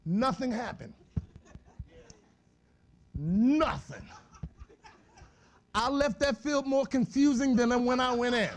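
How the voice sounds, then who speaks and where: Male preacher, high voice, animated church sermon. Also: takes it slowly, pauses often, a little hiss or hum. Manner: animated, shouting bursts, laughing asides, slangy. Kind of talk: lively sermon to youth.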